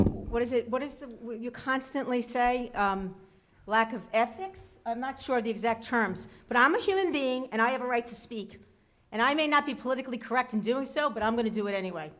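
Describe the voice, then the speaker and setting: A high-pitched middle-aged woman addresses a board meeting as acting superintendent. Her tone is defiant and emphatic, each point pressed home. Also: fairly quick, fairly bright tone. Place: public board meeting room.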